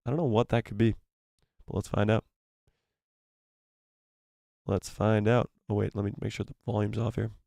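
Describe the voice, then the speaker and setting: A young man hosting a casual live stream, reading viewer messages aloud in an animated, playful way and sometimes stumbling over the words. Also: lowish voice, moderate pace, gravelly, long pauses, no echo.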